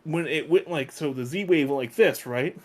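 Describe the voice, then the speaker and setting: A man's voice: fairly high pitch, normal speed. A man co-hosting a podcast in loose casual chat, rambling with many fillers and restarts. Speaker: podcast co-host.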